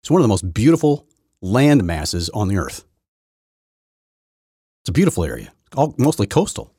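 Husky, combative male podcast host. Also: lowish voice, sing-song, moderate pace, warm tone, dry recording, clean studio sound. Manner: rambling, self-correcting, combative. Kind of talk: solo political commentary.

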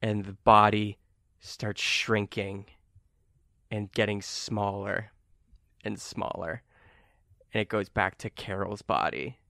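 A man narrating as game master in a tabletop game, animated and often laughing. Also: fairly low pitch, slow pace, creaky, long pauses, no echo, studio quality.

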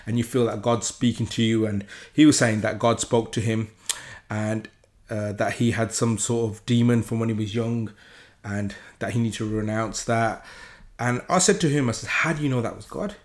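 A man giving an informal, earnest Bible study, getting excited, talking with many restarts and self-deprecating asides. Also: on the low side, normal speed. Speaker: Bible teacher.

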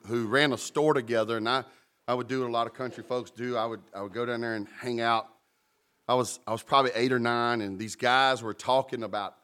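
A man preaching a sermon, animated and humorous, with sudden jumps in pitch. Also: clear, resonant tone. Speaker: pastor.

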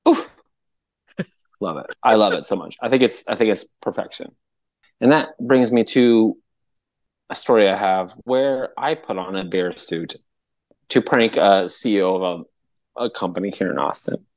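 A man co-hosting a podcast, telling a story in a casual, animated way, laughing often and pitching his voice up high when he quotes people. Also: normal speed, long pauses. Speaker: podcast co-host.

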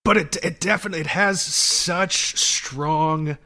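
A man's voice: a little high, measured pace, pushed and bright. A man co-hosting a podcast, talking in a loose, laughing, profane way with lots of restarts. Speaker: podcast co-host. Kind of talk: casual chat.

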